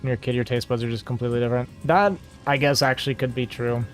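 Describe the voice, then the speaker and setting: Male stream host, casual and talkative, mid-pitched, faint music behind. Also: little pitch movement, very fast. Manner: rambling and talkative, reading chat aloud. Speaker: livestream host. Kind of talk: casual chat to a stream audience.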